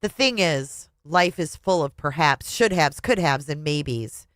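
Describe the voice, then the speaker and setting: A woman's voice: deep voice, measured pace, no room sound. A woman reading a memoir aloud with feeling and adding her own commentary as a reviewer. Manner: expressive, emotional reading. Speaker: book reviewer.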